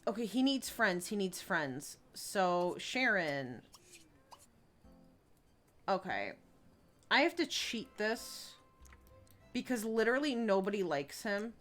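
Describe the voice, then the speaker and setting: A young woman with a medium-pitched, fairly bright voice streams a life-sim game. She chats casually, reads viewer messages aloud, and fills her gameplay commentary with plenty of fillers and giggles.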